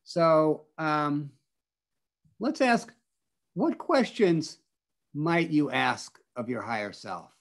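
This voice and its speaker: Leading an online spiritual workshop over a video call, a man teaches the group, encouraging them and repeating their answers back. His voice is fairly high and animated, but he speaks very slowly and pauses often.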